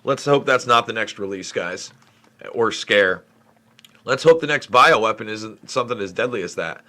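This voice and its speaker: Man, middle-aged, from New York State, livestream host, frustrated rambling delivery, bright forceful voice. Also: mid-range voice. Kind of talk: live Q&A stream reading chat.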